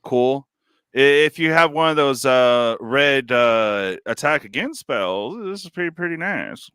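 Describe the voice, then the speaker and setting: A middle-aged man hosting a casual podcast chat, relaxed and laughing, with lots of fillers. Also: mid-range voice, unhurried, clean tone, no echo, studio quality. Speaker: host.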